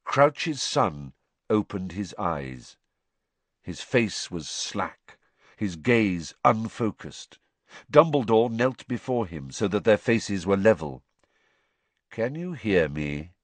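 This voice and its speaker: A man reading a novel aloud in measured, expressive storytelling. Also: on the low side, no room sound. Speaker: audiobook narrator. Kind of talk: scripted narration.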